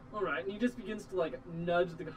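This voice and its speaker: A game master narrating a tabletop role-playing game in a casual, animated way, laughing often. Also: mid-range voice, background noise.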